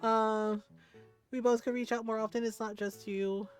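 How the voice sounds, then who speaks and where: A woman's voice: fairly high pitch, little pitch movement, moderate pace, clean tone, soft background music. A middle-aged woman streamer chatting casually, rambling and laughing often as she talks. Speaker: game streamer. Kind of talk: casual livestream chat.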